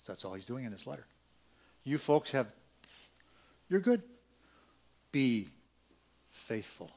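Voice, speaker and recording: A middle-aged pastor preaching a sermon, swinging between loud emphatic peaks and quiet, quick asides. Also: male voice, mid-range voice, big pitch swings.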